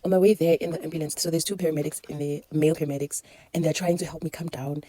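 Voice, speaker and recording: A woman with a South African accent telling a casual storytime, animated and mixing Zulu into her English. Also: sits low, very fast, no echo. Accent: South African, Zulu-mixed English. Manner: animated, code-switching, laughing through a birth story. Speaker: vlogger.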